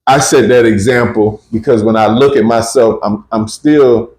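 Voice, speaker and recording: A man's voice: mid-range voice, steady tone, normal speed, a little mellow, roomy sound. A man hosting a casual spiritual talk, emphatic and often checking in with "right?" and "you see?". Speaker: podcast host.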